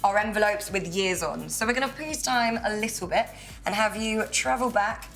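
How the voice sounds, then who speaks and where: A woman TV host introducing and interviewing a guest, brisk, upbeat and joking. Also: mid-range voice, a bit bright, faint music behind, rough recording. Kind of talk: scripted TV presenting.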